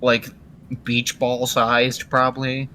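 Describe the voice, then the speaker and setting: A man's voice: medium pitch, completely flat delivery, takes it slowly, bright, forceful tone, a little hiss or hum. A man chatting casually on a podcast, rambling and searching for words with many fillers. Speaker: podcast co-host. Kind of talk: casual chat.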